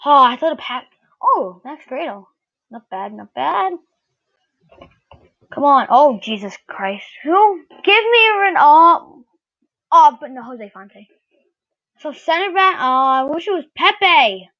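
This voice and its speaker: A woman's voice: sits high, very animated, a little slow, pauses often, muffled recording. A woman doing casual game commentary while opening card packs, swearing freely and shrieking whenever a good player shows up. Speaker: gaming video creator.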